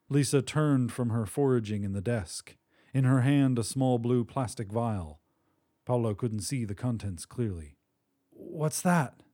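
A man reading a story aloud in a steady, measured scripted narration. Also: mid-range voice, no room sound, clean studio sound.

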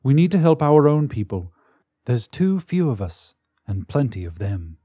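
A man's voice: mid-range voice, very animated, moderate pace, mellow, breathy edge, dry recording, clean studio sound, pitched above the performer's own voice. A man voicing a stern, pragmatic woman who leads a colony, speaking in curt, commanding lines in a storybook reading.

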